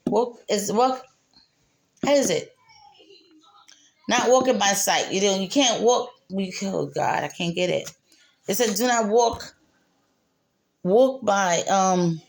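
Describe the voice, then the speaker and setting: A mother talking candidly and emotionally about her faith and healing, repeating herself and laughing through tears. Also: medium pitch. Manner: spiritual, speaks of God and faith. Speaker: mother sharing her story. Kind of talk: candid personal monologue.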